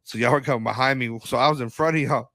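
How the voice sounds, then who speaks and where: A man in casual podcast chat, trading stories with a friend in a slangy, profane, animated way. His voice sits in a middle pitch and sounds close and dry, with no room around it. He slips into little impressions of the people in his stories. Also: quick pace, no echo. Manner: animated storyteller, acts out quotes, laughs often; slangy, swears. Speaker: podcast co-host.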